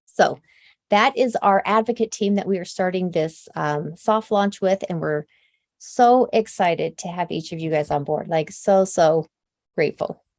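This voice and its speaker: A woman's voice: fairly low pitch, unhurried, a little mellow, dry recording. A woman from Idaho who founded the company, presenting casually and upbeat to her new team over a video call. She runs through long lists with lots of fillers and says openly that she tears up easily. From Idaho, USA.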